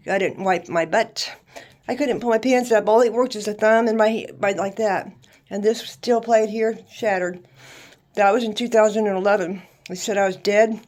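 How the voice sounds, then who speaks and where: A woman, telling her life story in an emphatic, faith-filled monologue. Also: medium pitch. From Louisiana, USA. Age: 60s. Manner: lively, emphatic testimony with faith talk. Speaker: vlogger.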